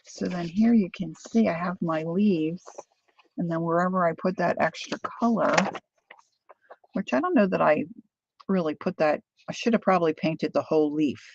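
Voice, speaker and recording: A woman's voice: on the low side, normal speed, gravelly, highs cut off, noisy background. A woman chatting casually as she demonstrates a craft technique, thinking aloud while she works. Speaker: craft vlogger.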